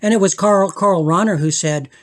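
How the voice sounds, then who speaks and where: This older man's voice is high-pitched as he reflects earnestly as a guest on a spiritual podcast. Searching for words, he frequently restarts and repeats himself, slowing to stress points and rising in volume when emotion takes him.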